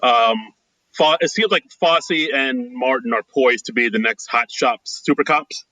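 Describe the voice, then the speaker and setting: A man co-hosting a podcast, recapping movie plot in a relaxed, loose way with many fillers. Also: medium pitch, a little slow, dry recording, poor audio. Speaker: podcast co-host. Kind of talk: casual movie discussion.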